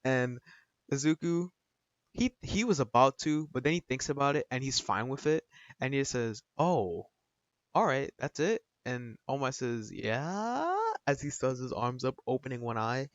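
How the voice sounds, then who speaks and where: A man rambles through a fan-fiction story in loose, slangy talk full of fillers. His voice is mid-pitched, and the recording is muffled and lo-fi with a dry, close sound. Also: fairly even intonation, normal speed, no echo. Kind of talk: casual fan-fiction retelling.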